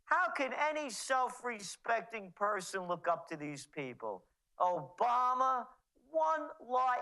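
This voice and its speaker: Slow, sarcastic male trends forecaster. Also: very high voice, sing-song, pushed and bright, low-quality recording. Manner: sarcastic, mocking, rattling off names. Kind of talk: interview commentary.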